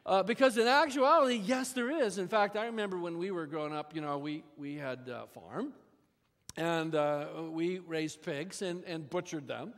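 A man's voice: high-pitched, normal speed, a bit bright. A male pastor preaching a sermon in a church, talking in a conversational, folksy way with asides to the congregation. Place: church sanctuary. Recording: long reverb of a church hall.

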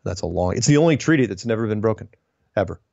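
A man hosting a solo show, reading listener emails and answering them in a wry, digressive way with puns and quick self-corrections. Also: lowish voice, animated, creaky, darkish tone, no room sound, muffled recording. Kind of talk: casual solo commentary.

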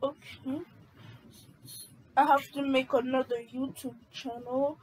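High-voiced woman reading her script haltingly. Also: flat delivery, darkish tone, slight background noise, poor audio. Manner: halting, restarts, loses her place. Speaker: video maker reading her own script. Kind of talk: casual amateur script reading.

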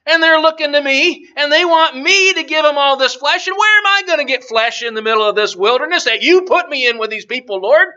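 A man's voice: extremely high pitch, lively intonation, brisk, hardly any pauses, sharp tone, pitched above the performer's own voice, full character voice. A man voicing a weary, whining older male leader who pleads in exasperation. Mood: whiny exasperated. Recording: dull lo-fi recording.

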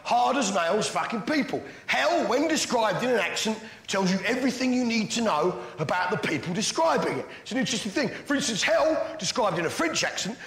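A man's voice: sits high, gravelly. A British man doing a brash, sweary stand-up routine, quizzing the audience. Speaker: stand-up comedian. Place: comedy venue. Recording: roomy club, loud crowd noise.

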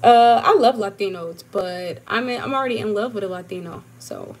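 A woman's voice: mid-range voice, moderate pace, a little mellow, slight background noise. A young woman chatting casually on a livestream, answering viewers while moving around her kitchen, laughing and emphatic. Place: home kitchen.

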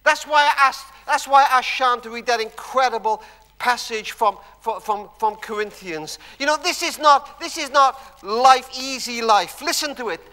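A man preaching a sermon in a church, telling stories emphatically and dropping to hushed tones. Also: extremely high pitch, moderate pace. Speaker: guest preacher. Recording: long church hall reverb.

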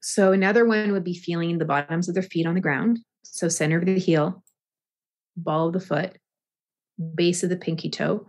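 A woman guest explaining balance and breathing in yoga, speaking slowly and deliberately with frequent restarts. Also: fairly low pitch. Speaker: yoga and movement teacher, guest. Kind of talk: thoughtful interview answers.

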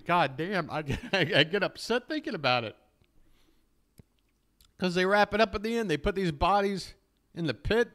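A man hosting a live stream, talking in a rambling, profane, openly emotional way as he reacts casually to a clip. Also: medium pitch.

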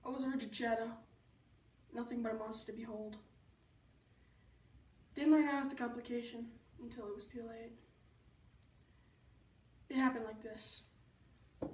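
A woman with a somewhat high voice recites a first-person poem. She reads deliberately, with pauses. She is recorded from a distance in an echoey room. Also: a little mellow. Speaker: student reader.

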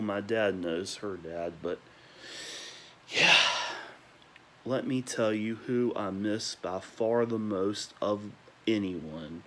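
A young man at home at night, ranting emotionally about people he misses and repeating warm praise, sometimes talking quietly. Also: fairly low pitch, slight background noise. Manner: emotional, repetitive, listing names with gushing praise; talking quietly at times because parents are asleep. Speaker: vlogger. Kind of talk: nostalgic rant to camera.

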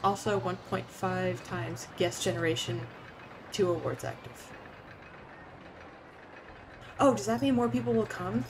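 A woman's voice: mid-range voice, unhurried, long pauses, noisy background. A young woman on a casual gaming livestream, rambling, giggling and swearing now and then as she chats with viewers. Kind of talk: casual gaming stream chat.

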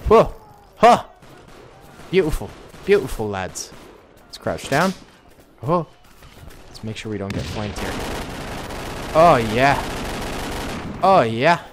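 A young man giving excitable let's play commentary, yelping and joking while he plays. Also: medium pitch, slow, pauses often, slight background noise. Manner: excitable, yelps and jokes while playing. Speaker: gaming video host. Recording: voice over loud game gunfire. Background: loud game gunfire and artillery.

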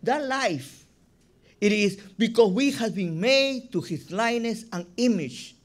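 A man for whom is a delivers a rabbi's sermon. He speaks at a slow, unhurried pace, and his voice sits high for a man. He stresses points emphatically, often repeating words as he builds his argument. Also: animated. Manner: emphatic, repeats words, non-native phrasing.

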